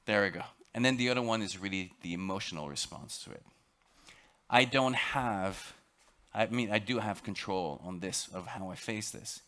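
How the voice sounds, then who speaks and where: A man with a French accent giving a dramatic, emphatic storytelling lecture aboard a ship, sometimes halting and repeating words. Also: on the low side, sharp tone. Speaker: expedition lecturer.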